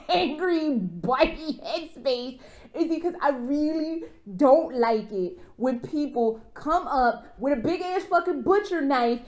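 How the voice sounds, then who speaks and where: Woman vlogger with a high, bright voice, ranting casually; profane, rambling, animated, lots of fillers. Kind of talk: casual rant.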